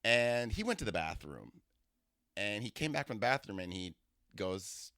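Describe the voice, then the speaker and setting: A man's voice: medium pitch, fairly quick, dry recording, clean studio sound. A man hosting a comedy podcast, telling a rambling story with lots of restarts. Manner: rambling, animated, full of fillers and restarts.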